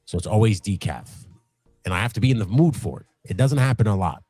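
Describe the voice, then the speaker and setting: A man's voice: fast talker, breathy edge, no room sound. A middle-aged man in casual, profane chat as co-host of a live stream, rambling and laughing often. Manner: rambling, animated, laughs often, acts out high voices in stories. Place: home workshop. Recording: dry room with faint music.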